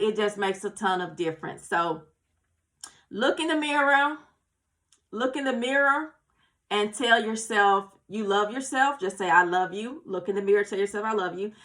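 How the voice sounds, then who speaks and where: A woman's voice: medium pitch, bright, forceful tone. A woman talking casually to her viewers about self-love, encouraging and repetitive, checking in with "okay?" and "you guys". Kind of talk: casual motivational talk to camera.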